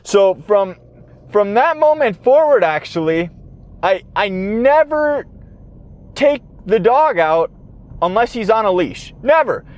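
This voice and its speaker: A man hosting a podcast, telling a rambling story in casual chat from his car, animated and swearing, trailing off and restarting. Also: high voice, slow pace. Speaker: podcast host. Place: in his car, parked then driving. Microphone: handheld audio recorder.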